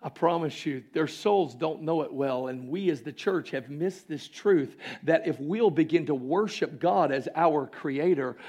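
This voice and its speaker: A man preaching a sermon as pastor, with impassioned delivery that swings between loud exclamations and hushed lines in a church sanctuary. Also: on the high side, unhurried, hardly any pauses.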